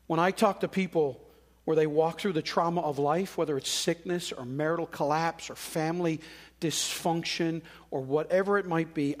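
A man preaching a sermon in a conversational way, acting out quoted voices. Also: fairly high pitch. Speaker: pastor.

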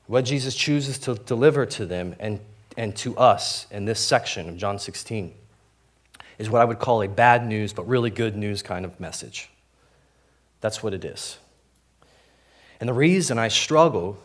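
A man's voice: fairly low pitch, animated, normal speed. Young man, pastor, conversational sermon, fillers and restarts, frank and self-mocking. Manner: candid, self-deprecating, full of fillers and restarts.

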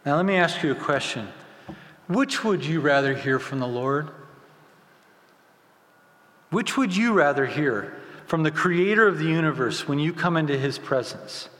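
A man preaching a sermon as pastor, swinging from loud emphasis to hushed, quiet lines. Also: a little high, animated, a little slow, long pauses. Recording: echoey hall with long reverb.

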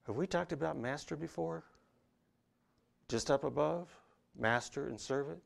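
A pastor preaching a sermon, swinging from hushed, intimate lines to loud, emphatic ones. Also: male voice, fairly high pitch, unhurried, creaky, long pauses.

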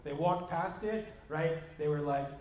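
A man preaching a conversational sermon, emphatic, swinging between loud and hushed passages. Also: a little high, measured pace. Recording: roomy echo with faint background noise.

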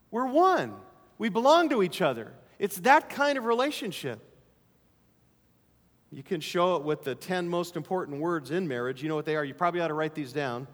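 Middle-aged male pastor, high voice, emphatic sermon delivery, long church-hall reverb. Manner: emphatic preaching, repeats key phrases, drops to soft asides.

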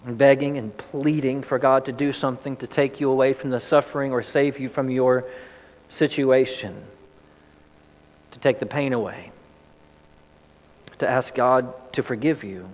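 A male pastor delivering a sermon at a medium pitch, his voice ringing with the long reverb of a big hall. He tells stories vividly, lifting his pitch to act out pleading voices, then drops soft and low to pray. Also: steady tone, measured pace, pauses often. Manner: storytelling, acts out quoted pleas with rising pitch.

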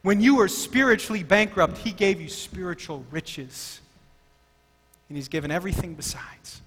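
A man preaching a sermon as pastor, emphatic and excitable, often stumbling over his words as he restarts. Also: sits high, moderate pace, husky. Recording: long hall reverb.

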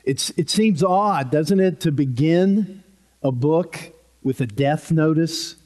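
A man's voice: on the high side, takes it slowly, a little mellow. Male pastor, conversational sermon, takes his time, light self-deprecating humor, church podium mic. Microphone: podium microphone.

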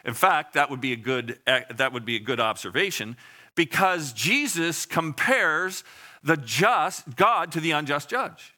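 A man's voice: a little high, sing-song, measured pace, gravelly, pushed and bright. A man preaching a sermon in a conversational way, asking the congregation questions and acting out short voices. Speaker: pastor.

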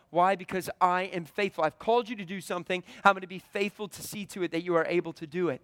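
A man's voice: high voice, fast talker, few pauses, a bit bright, dry recording. A man preaching a sermon, retelling a scripture story with drama and voicing its characters.

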